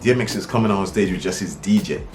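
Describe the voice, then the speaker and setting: A man's voice: sits low, lively intonation, fast, music in the background. A man from St. Kitts, a rapper, telling a story in a laid-back, rambling, slangy way. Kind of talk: casual storytelling vlog.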